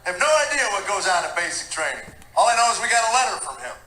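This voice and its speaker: Stand-up comic in his fifties, high-pitched man, folksy and animated, roomy noisy live recording. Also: very fast. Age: 50s. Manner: folksy, animated, acts out family voices. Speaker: stand-up comedian. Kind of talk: stand-up comedy storytelling.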